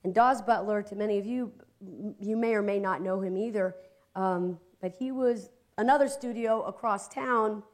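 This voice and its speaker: A woman from Ohio, a guest in casual conversation, telling stories with lively energy and frequent laughter. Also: mid-range voice, moderate pace. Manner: animated storyteller, voices quotes, laughs a lot. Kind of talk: casual chat, storytelling.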